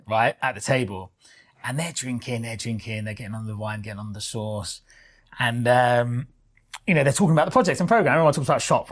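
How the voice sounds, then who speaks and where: A man, co-hosting and telling a story in casual chat, with lots of fillers and swearing. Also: medium pitch. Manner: animated, swears freely, many fillers. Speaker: podcast co-host.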